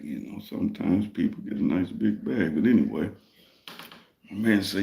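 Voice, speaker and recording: A deep, gravelly man tells a long story in a loose, profane, streetwise way. His voice rings a little in an echoey room. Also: moderate pace, dark tone. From Detroit, Michigan. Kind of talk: casual storytelling.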